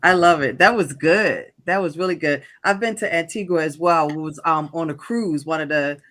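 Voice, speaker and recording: A woman's voice: sits low, normal speed, fairly bright tone. Woman cohost chiming in, casual n approving. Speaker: talk show co-host. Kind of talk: casual chat.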